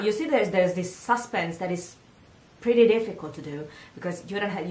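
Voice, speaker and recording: A woman with an Italian accent, a singing teacher, giving a patient pronunciation lesson and repeating words slowly. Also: mid-range voice, a little mellow. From Italy. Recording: echoey room.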